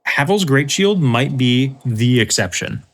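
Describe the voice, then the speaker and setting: A man hosting a let's play, explaining game mechanics in a relaxed, casual way with dry humor. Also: medium pitch, unhurried. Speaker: host, let's play commentator. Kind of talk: casual gameplay commentary.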